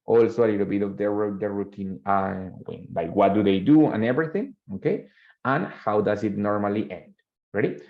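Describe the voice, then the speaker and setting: Gravelly-voiced teacher. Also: male voice, fairly low pitch, moderate pace. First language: Spanish. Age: 30s. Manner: patient, repeats phrases and checks in with "ready?". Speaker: English teacher. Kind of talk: online English class, mixing Spanish explanations. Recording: dull lo-fi call audio.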